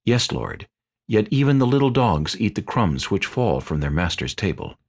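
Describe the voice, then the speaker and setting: A man's voice: lowish voice, very animated, moderate pace, vocal fry, a little mellow, slightly rough, full character voice. A man voicing a pleading adult mother in a dramatized scripture reading, with plain, unforced delivery.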